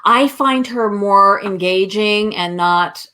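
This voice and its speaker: A woman's voice: medium pitch, slow, pushed and bright. A middle-aged woman co-hosting a casual live health chat, talking in loose restarts and laughing easily. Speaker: co-host, nutritionist.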